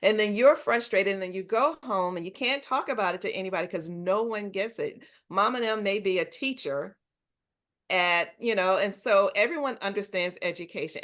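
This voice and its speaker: A middle-aged woman as a podcast guest, telling her own stories in an animated, emphatic way with frequent laughs. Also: medium pitch. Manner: animated, emphatic storyteller who laughs often. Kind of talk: conversational interview storytelling.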